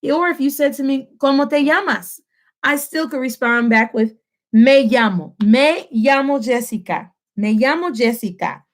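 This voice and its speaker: High-voiced woman teaching Spanish. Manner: drills phrases slowly and asks the listener to repeat; mixes English and Spanish mid-sentence. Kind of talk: home-recorded language lesson.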